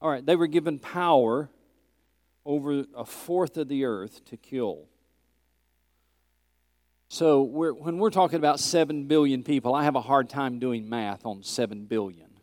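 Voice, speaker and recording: A man leads a Bible class at an ordinary middle pitch. He speaks earnestly and stresses key words, quizzing his listeners as he goes. His voice sits close and dry, with no room sound. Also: a little slow, darkish tone, no room sound. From Tennessee. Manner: earnest, emphatic, questions the class. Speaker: Bible teacher.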